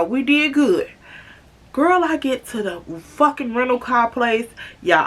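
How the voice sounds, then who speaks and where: A woman with a bright, forceful voice that sits a little high, telling a storytime for her vlog. She talks in a chatty, animated way, swears freely and keeps calling her viewers "girl.". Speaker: vlogger. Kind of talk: casual storytime monologue.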